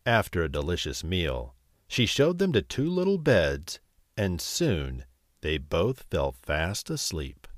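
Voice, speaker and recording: Male bedtime storyteller, unhurried, highly melodic delivery, dry close recording. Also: no echo. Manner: slow and expressive.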